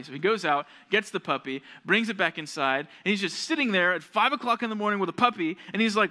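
A young male youth pastor delivers a sermon to junior high kids. His voice is bright, forceful and a little high. He tells stories and acts out the voices he quotes. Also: expressive, moderate pace, hardly any pauses.

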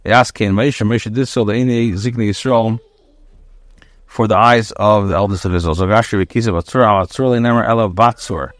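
Low-voiced rabbi reading and translating scripture. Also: male voice, steady tone, brisk, no room sound. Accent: Hebrew in traditional Ashkenazi pronunciation. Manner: reads each phrase, then translates it in short bursts. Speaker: rabbi teaching Torah with commentary. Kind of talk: daily Bible lesson, reading verse then translating.

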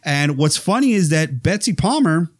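Brief: chatty male podcast host, excitable and rambling, dry close sound. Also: on the high side, normal speed, no echo. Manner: animated, rambling with restarts. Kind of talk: casual film chat.

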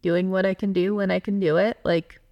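A woman's voice: mid-range voice, little pitch movement, a little fast, highs cut off. A woman co-hosting a podcast in casual chat, talking candidly and swearing freely as her voice swings up and down. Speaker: podcast co-host.

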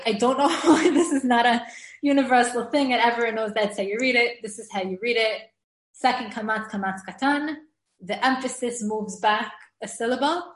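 A woman's voice: fairly high pitch, echoey room, poor audio. A woman giving a lecture on Hebrew reading rules, patiently explaining and repeating words to stress the correct pronunciation. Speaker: Hebrew grammar teacher. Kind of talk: recorded lecture.

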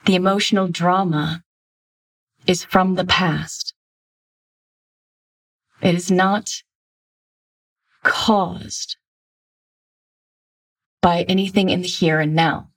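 A woman giving blunt, emphatic self-help coaching in a somewhat low voice. She sits back a bit from the microphone, so her voice sounds slightly distant. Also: fairly even intonation, slow, long pauses. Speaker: relationship coach. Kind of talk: instructional self-help talk.

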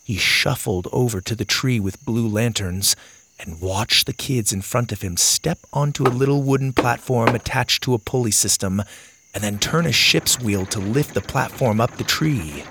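A man narrating a children's adventure audiobook in an expressive reading. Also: mid-range voice, moderate pace, slight background noise.

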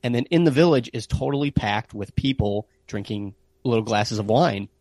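An American man tells travel stories in relaxed conversation, tossing in cheerful bits of Italian as he goes. His voice sits in a mid range and is recorded dry and close, with no room sound. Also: mid-range voice, normal speed, dry recording. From United States. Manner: animated, with playful Italian phrases. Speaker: guest telling travel stories. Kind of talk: casual storytelling chat.

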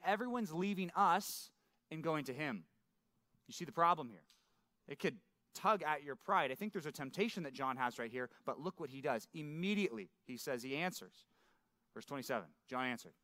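A man's voice: mid-range voice, sharp tone, no echo. A middle-aged male pastor teaching a men's Bible study in a conversational way, often tagging his points with "right?" and asking his listeners questions.

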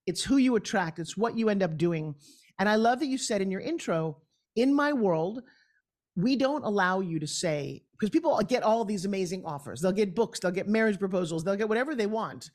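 A woman guest on a podcast, a professional coach, telling her story in an energetic, emphatic way. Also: medium pitch, fairly quick. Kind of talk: podcast interview.

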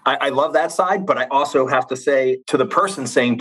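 A man's voice: mid-range voice, fairly quick, a bit bright, husky, low-quality recording. A man in his forties, an astronaut guest in a conversational interview, speaking candidly and reflectively. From United States.

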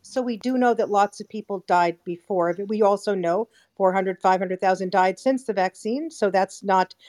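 A woman on a debate panel who makes measured points and insists on finishing them. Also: mid-range voice, darkish tone, no echo, clean studio sound. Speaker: panel guest.

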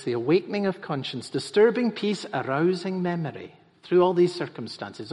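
A man's voice: fairly high pitch, lively intonation, brisk, hardly any pauses, darkish tone. A man preaching a sermon as pastor, emphatic and repeating phrases for stress. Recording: reverberant hall.

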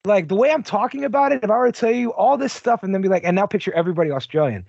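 This man co-hosts a laid-back movie podcast, profane and blunt, leaning heavily on "like". His very high voice races along very fast, husky and darkish with vocal fry, on a lo-fi recording with no echo.

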